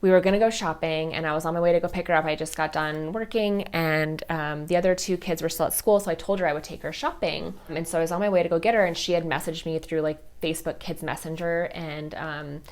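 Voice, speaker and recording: A woman in her thirties with a slightly low voice hosts her own podcast. She talks candidly and from the heart, with a loose, chatty delivery full of fillers. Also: fairly even intonation, fast talker, hardly any pauses. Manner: candid, heartfelt, many fillers like "like" and "you know". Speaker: podcast host. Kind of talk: personal storytelling podcast.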